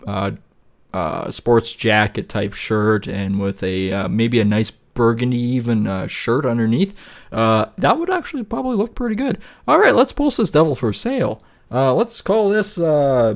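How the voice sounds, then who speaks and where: A man talking casually through a screen-recorded tutorial, rambling, laughing often and swearing now and then. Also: medium pitch. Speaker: YouTuber.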